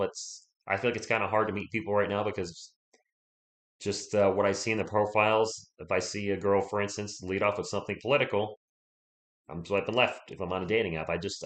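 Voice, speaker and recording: On his sports livestream, a man rambles and greets his viewers by name in a relaxed, chatty way. His voice, lowish with a fairly bright tone, still shows he's recovering from being sick.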